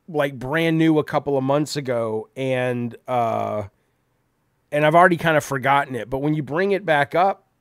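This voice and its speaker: A man hosting a livestream, swearing heavily and swinging from low mumbled asides to loud indignant rants. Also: no room sound, studio quality. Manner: heavy swearing. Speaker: livestream host. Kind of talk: profane livestream rant.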